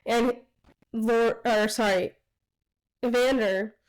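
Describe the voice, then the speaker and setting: Female podcast co-host, higher register, lively casual recap with acted-out quotes. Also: slow, low-quality recording. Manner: animated retelling with quoted voices, swearing. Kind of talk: casual book discussion.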